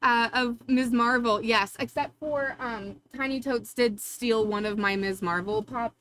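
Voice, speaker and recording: A woman hosts a casual home livestream, talking to her viewers in a bubbly, affectionate way. Her voice sits a little high. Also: a little slow, a bit bright, slight background noise, poor audio. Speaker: livestream host. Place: home streaming room.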